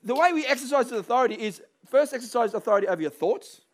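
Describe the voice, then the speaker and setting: A man preaches a sermon in a rather high voice. He leans hard on key lines and swells to forceful peaks, slipping into quick acted-out voices for the people he quotes. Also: lively intonation.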